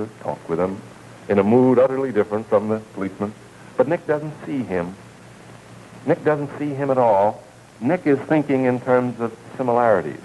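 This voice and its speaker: A man giving a televised lecture in a measured, deliberate way, repeating key words for emphasis. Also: medium pitch, darkish tone, a little hiss or hum, low-quality recording.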